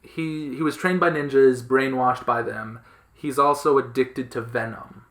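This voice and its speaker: A man's voice: medium pitch, steady tone, measured pace, fairly bright tone. Rambling enthusiastic podcast host, a man. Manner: enthusiastic, rambling, many fillers. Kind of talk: casual chat about comics.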